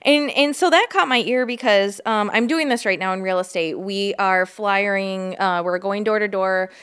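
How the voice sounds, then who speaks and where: Smooth-voiced chatty woman podcaster. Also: mid-range voice. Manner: chatty and animated, quick asides. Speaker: podcast co-host, real estate agent. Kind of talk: casual chat.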